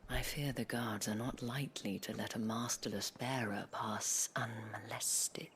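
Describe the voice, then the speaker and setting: A sultry, scheming brothel madam. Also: female voice, rumbling low, steady tone, a little hiss or hum. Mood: sultry, teasing. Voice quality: sultry, breathy near-whisper. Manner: slow, teasing, silky delivery. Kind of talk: video game voice acting.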